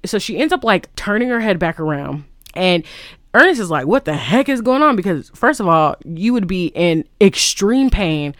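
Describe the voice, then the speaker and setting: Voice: medium pitch, sing-song, moderate pace, fairly bright tone, dry recording. A vlogger retells a film plot casually, rambling through restarts and "like". The voice sits in a mid range and sounds dry and close, with no room around it.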